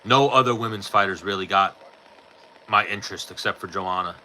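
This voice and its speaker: A man's voice: sits low, a little fast, sharp tone, a little hiss or hum, low-quality recording. A man, hosting a podcast and answering chat questions in a blunt, profane, offhand way. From New York. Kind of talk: casual chat.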